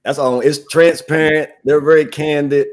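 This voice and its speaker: A man welcomes viewers to a live online show. His casual, upbeat delivery sits a bit high, and he often restarts his sentences. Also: level tone, moderate pace. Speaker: livestream host.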